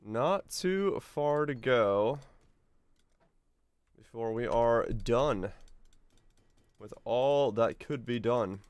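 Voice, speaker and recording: A man at mid pitch chats through a gaming stream, loose and easygoing, humming little tunes as he plays. His voice sounds a bit off today, and it comes across dry and close. Keyboard typing clicks along in the background. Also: extremely slow, long pauses, clear, resonant tone, dry recording. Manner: relaxed, hums to himself, chuckles. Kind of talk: casual gameplay commentary.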